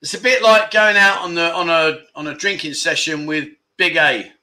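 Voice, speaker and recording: Jokey chat-show host with a high, piercing voice, reading viewer comments aloud. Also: male voice, normal speed. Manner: jokey and teasing, with animated outbursts.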